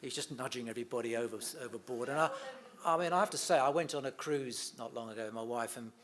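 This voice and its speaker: A man's voice: medium pitch, fast, fairly bright tone. A middle-aged man chatting casually in an interview, telling family anecdotes and laughing easily. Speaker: interview guest, son of a comedian.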